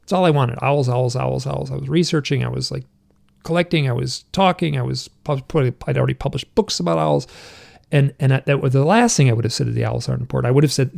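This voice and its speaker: A middle-aged man with a gravelly, creaky voice tells a personal story as a podcast guest. He talks in halting restarts and breaks into intense, emotional outbursts when he quotes himself. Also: mid-range voice, fairly even intonation, a little mellow. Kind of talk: recounting a personal experience.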